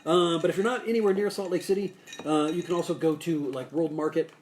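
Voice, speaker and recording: Male cocktail-show host, voice pitched a bit high, casual live chat, rambling and joking. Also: steady tone, fast talker, a little hiss or hum. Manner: rambling and jokey, with many restarts and asides. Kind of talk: casual live-stream chat with bartending tips. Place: Salt Lake City area.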